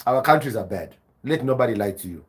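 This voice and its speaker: A man's voice: medium pitch, fast, husky. A South African man hosting a livestream podcast, talking animatedly to his viewers and reading their chat. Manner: animated, laughing, addresses viewers as guys. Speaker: podcast host.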